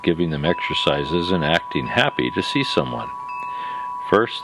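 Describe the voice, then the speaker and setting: Man, extremely low voice, gravelly, podcast host, scripted narration, measured and skeptical. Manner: measured, storytelling, gently skeptical.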